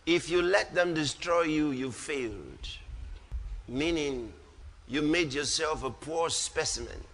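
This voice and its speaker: A man with a Nigerian English accent preaching a sermon, emphatic, dropping low and calm then rising to loud outbursts. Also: slow pace, in a large hall, slight background noise. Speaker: pastor.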